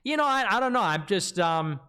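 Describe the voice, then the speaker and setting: A man with a fairly high speaking voice tells a story in casual livestream talk. He is animated and acts out what people said in a raised voice. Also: brisk, clean tone. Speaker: livestream guest.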